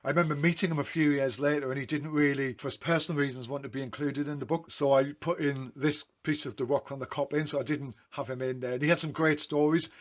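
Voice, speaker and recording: A man, a photographer, casually telling rambling anecdotes about his photos, often correcting himself mid-sentence. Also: fairly high pitch. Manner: rambling, self-correcting, chatty. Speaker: photographer talking through his photo book.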